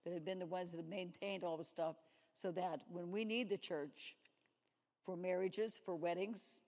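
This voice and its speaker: Speaking at a moderate pace with fairly even intonation, a woman shares a sermon-like testimony as a lay speaker in a church sanctuary, acting out dialogue as she tells her stories. Her voice is fairly low and a little mellow, with long reverb from the church hall.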